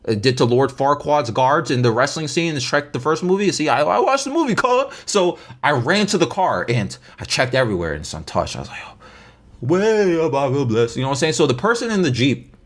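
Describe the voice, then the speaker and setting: A man's voice: a little high, sing-song, brisk. Guy doing a storytime, rambly and slangy, keeps restarting words, voice jumps around a lot. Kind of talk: casual story time.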